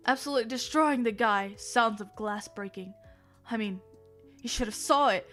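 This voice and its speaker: A young woman streamer with a fairly high voice reads fan fiction aloud on a livestream. She is theatrical and animated, breaking off for quick laughing asides, while faint music plays under her.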